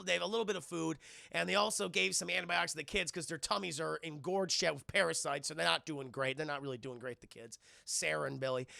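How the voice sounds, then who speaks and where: Gravelly, bright-voiced male streamer. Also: sits high, dry recording, clean studio sound. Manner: rambling, profane, mocking. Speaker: streamer reviewing a film. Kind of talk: casual profane film recap to live chat.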